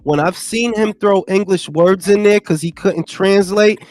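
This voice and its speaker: A man hosting a casual boxing chat show, animated and profane, joking with friends. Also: high-pitched, a little slow, no echo. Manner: animated, profane, bursts into mock Spanish impressions. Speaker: podcast host.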